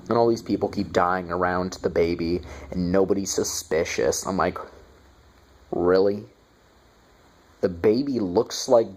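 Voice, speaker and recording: A man's voice: sits low, a little mellow. A young man giving a casual movie review, sarcastic and profane, with mocking asides.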